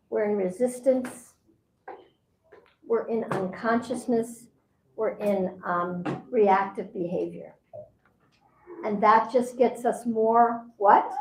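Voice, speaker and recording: Speaking in a mid-range voice with vocal fry and a slightly mellow tone, a woman leads a spiritual seminar in a chatty way, frequently voicing the people she quotes. The recording carries a roomy echo and a little hiss or hum.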